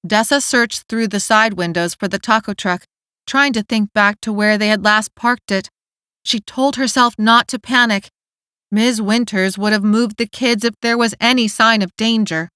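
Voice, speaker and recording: A woman narrating an audiobook in a steady, clear storytelling manner, recorded on a studio mic. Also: mid-range voice, moderate pace, no echo. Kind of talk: scripted narration.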